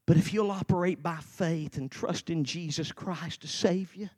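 A preacher in his forties giving a sermon, telling his own story and swinging from quiet storytelling to slow, shouted fervor. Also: fairly high pitch. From Tennessee. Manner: shouts and slows down in the fervent parts, quiet and fast in the storytelling.

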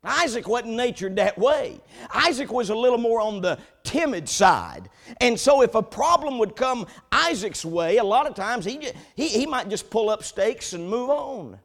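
A man preaching a sermon, telling a story with animated build-ups before turning to the scripture text. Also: very high-pitched, normal speed. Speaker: pastor.

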